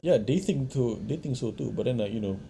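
A man's voice: mid-range voice, expressive, brisk, creaky, mellow, slight background noise. A young man, co-hosting a casual podcast chat with dry, teasing replies. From Singapore. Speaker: podcast co-host.

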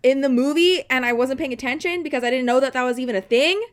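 A woman's voice: sits high, fast, a bit bright. A young woman co-hosting a casual film chat, giggly and rambling.

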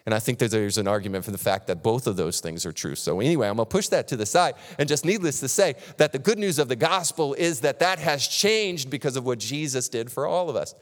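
A man in his thirties preaches with lively, animated delivery, often restarting his sentences and acting out quotes in other voices. His medium-pitched voice carries a long reverb from a large hall. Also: fast, hardly any pauses. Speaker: pastor. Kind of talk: sermon.

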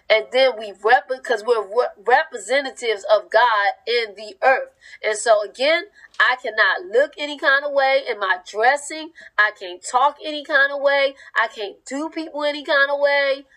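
A woman's voice: fairly high pitch, a little slow, fairly bright tone, poor audio. A woman preaching with a fervent, emphatic cadence and informal speech. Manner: informal speech with dropped verb endings. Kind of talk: sermon-style teaching.

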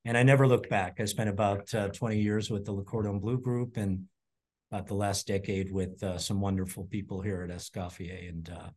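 Middle-aged man, fairly low voice, casual rambling interview guest. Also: fairly even intonation, fairly quick. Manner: rambling, repeats words, warm storytelling. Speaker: culinary school president, guest.

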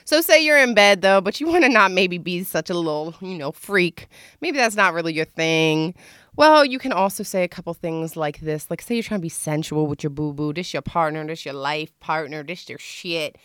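A woman host talks frankly and casually, full of fillers, asides and laughs. Her voice sits low and smooth. The recording is close and dry, with no room sound. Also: lively intonation, normal speed, a bit bright, no room sound. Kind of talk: casual candid advice monologue.

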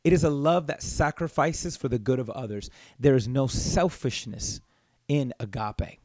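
A man's voice: medium pitch, normal speed, darkish tone, dry recording. A man preaching a sermon, growing impassioned and emphatic as he scolds. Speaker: pastor.

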